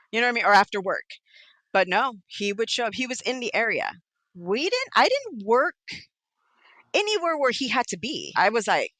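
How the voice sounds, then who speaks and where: A middle-aged woman appears as a podcast guest, her bright, forceful mid-range voice swinging widely in pitch at a moderate pace. She tells her own story candidly and with animation, slipping into the voices of people she quotes, and the recording is close and dry.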